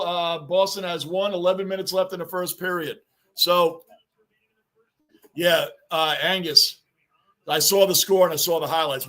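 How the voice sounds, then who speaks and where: Excitable high-voiced man hosting a live stream. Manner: excitable, greets chat viewers by name; rambling, chatty and repetitive. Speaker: livestream host. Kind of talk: live sports reaction chat.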